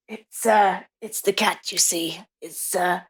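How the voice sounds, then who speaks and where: A woman's voice: mid-range voice, fairly even intonation, slow, breathy edge. A woman playing a tabletop game in character, hesitant and stammering. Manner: hesitant, stammering, mildly sheepish. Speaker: player.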